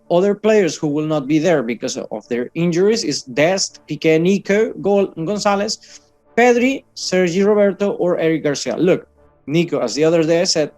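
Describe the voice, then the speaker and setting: A man's voice: fairly high pitch, darkish tone. A man from Catalonia, chatting casually about football news, often hesitating and correcting himself.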